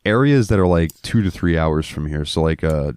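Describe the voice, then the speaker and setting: A man's voice: a bass voice, animated, moderate pace, a little mellow, smooth, no echo. A man from Florida co-hosting a podcast, telling rambling, profane stories in casual chat. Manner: profane, rambling, acts out quotes in raised voices. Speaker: podcast co-host.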